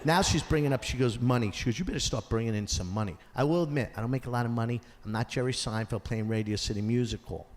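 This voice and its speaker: Speaking fast and barely pausing, a medium-pitched man delivers a stand-up set, animatedly acting out the voices of people in his stories. It's recorded live in a theater or school auditorium, with long hall reverb and audience noise.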